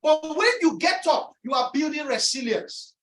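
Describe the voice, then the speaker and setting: A woman delivers an emphatic motivational lecture in a somewhat high voice. She repeats her key lines for emphasis and acts out other people's inner voices. The mic sits far from her in an echoey room. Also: lively intonation, normal speed, a bit bright. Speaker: speaker presenting on resilience.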